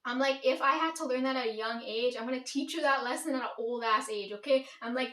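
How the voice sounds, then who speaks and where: A woman's voice: high voice, fast talker, few pauses, a bit bright, far from the mic. Blunt, profane woman storyteller. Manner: blunt, profane, emphatic, keeps asking "right?". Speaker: vlogger telling a family story. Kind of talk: casual storytelling to viewers. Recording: echoey room.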